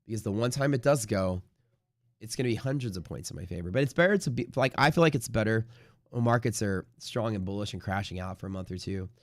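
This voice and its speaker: A man hosting a live day-trading stream, rambling casually with lots of swearing and sudden loud bursts of mock trader shouting. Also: lowish voice, fast talker, no echo, clean studio sound.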